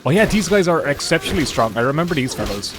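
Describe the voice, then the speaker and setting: A man's voice: fairly high pitch, sing-song, fast talker. A young man giving casual, jokey gameplay commentary and swearing freely. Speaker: gaming YouTuber. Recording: faint game music behind.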